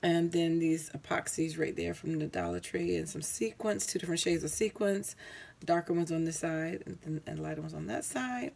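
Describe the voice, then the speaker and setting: A woman's voice: sits low, sing-song, normal speed, gravelly, a little mellow. A woman showing her crafts in a casual, rambling vlog, tired, correcting herself with plenty of ums, recorded at home on a camera mic. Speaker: craft vlogger. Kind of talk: casual show-and-tell.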